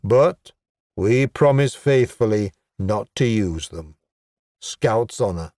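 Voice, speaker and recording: A sly, scheming goblin chieftain, put on by a male reader speaks in a dry, wry and exasperated way. The storybook delivery is unhurried, with no room sound around it. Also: lowish voice, expressive, mellow, no echo. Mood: wheedling.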